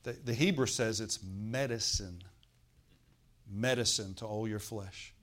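A man's voice: fairly low pitch, a little slow, fairly bright tone. A middle-aged man preaching a sermon as pastor, in a conversational way, putting rhetorical questions to his congregation.

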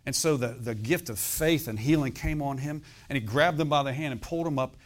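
A man's voice: mid-range voice, fairly quick. A middle-aged man preaching a sermon in a conversational way, often checking in with "okay?" and "amen?". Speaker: pastor.

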